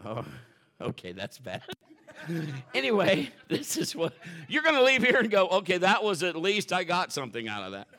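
A middle-aged male pastor preaching a sermon, telling family stories in an animated way and acting out the voices of the people in them. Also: high voice, normal speed. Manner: animated storytelling, acts out quotes and shouts for effect.

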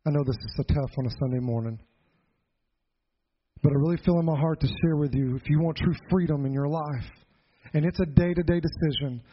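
A middle-aged pastor preaching a Sunday sermon, telling a childhood story in an earnest, folksy way with joking asides. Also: male voice, fairly high pitch, a little fast, slight background noise. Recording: dull lo-fi sound.

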